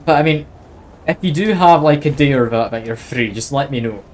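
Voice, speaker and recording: A man's voice: medium pitch, a little fast, slight background noise. A man with a Scottish accent chatting casually with his viewers while live-streaming a video game. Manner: chatty, easygoing, talks to chat while playing.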